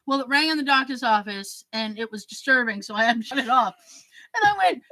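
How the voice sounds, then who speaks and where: A woman podcast host telling a story in casual chat, acting out the quoted dialogue with lively emphasis. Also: on the high side, fairly quick, dry recording, poor audio. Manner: animated, acts out quoted dialogue.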